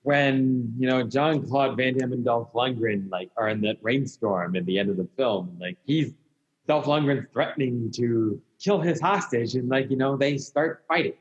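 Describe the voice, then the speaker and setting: A man's voice: medium pitch, moderate pace, slightly rough. A man being interviewed as a podcast guest, answering hesitantly with lots of "like" and "you know". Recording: dull lo-fi sound.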